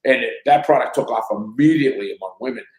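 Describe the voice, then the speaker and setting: A man in his sixties speaks as a podcast guest, an energetic storyteller who slips into the voices of the people in his stories. His voice sits at an ordinary pitch for a man. The recording carries a noticeable roomy echo. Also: fast talker. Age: 60s. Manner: animated storyteller who acts out quoted dialogue. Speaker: company CEO guest. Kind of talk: anecdotal storytelling in a podcast interview.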